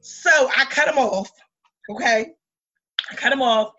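A woman in her thirties co-hosting a podcast, telling a story in blunt, lively chat with lots of swearing. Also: on the high side, unhurried, dull audio, soft background music. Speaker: podcast co-host. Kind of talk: casual chat.

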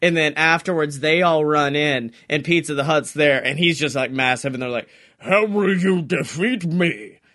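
A man co-hosting a comedy podcast, excitable and quick to laugh and swear as he riffs in casual chat. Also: a little high. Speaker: podcast co-host.

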